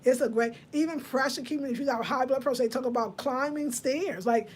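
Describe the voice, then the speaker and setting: A woman in her fifties with a way of speaking, hosting a casual live chat. Her voice sits a little high. She talks to her viewers and answers their comments. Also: fairly quick, slight background noise. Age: 50s. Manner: chatty, reads out viewer comments. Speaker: livestream host.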